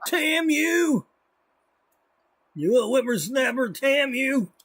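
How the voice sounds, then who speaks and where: A man putting on the voice of a grumpy old man yelling at kids off his lawn. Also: very high-pitched, lively intonation, slow, pitched above the performer's own voice, heavily acted. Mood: cranky. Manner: cranky, shouting.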